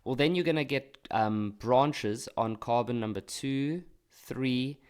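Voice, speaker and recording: A man's voice: mid-range voice, slow pace, darkish tone, clear, resonant tone. A male teacher working step by step through an exam paper, explaining patiently. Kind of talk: exam walkthrough lesson.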